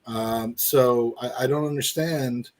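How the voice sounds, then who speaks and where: A man's voice: medium pitch, steady tone, slow pace, a little mellow. A man hosting a podcast as a casual live-stream chat, rambling and joking with many restarts. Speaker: podcast host.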